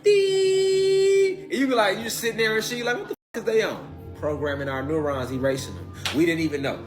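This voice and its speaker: A man's voice: high voice, a bit bright. A man ranting in slangy, swearing casual talk, often asking the audience if they remember. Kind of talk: animated casual rant.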